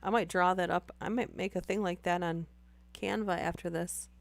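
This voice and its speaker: Hoarse woman reading on a live stream. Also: fairly low pitch, fairly even intonation, normal speed, no room sound. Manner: wry, laughs between lines. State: hoarse, losing voice.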